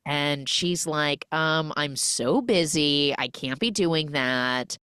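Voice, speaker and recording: A woman's voice: low voice, takes it slowly, clear, resonant tone, no echo. A woman hosting a podcast, recapping a film in a casual, joking way and acting out the characters' lines. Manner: animated, acts out characters' lines. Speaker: podcast host.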